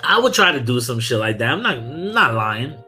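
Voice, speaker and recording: A young man from Brooklyn, hosting a podcast in a loose, profane, animated chat and laughing often. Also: mid-range voice, moderate pace, faint music behind. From Brooklyn, New York. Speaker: podcast host. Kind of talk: casual chat.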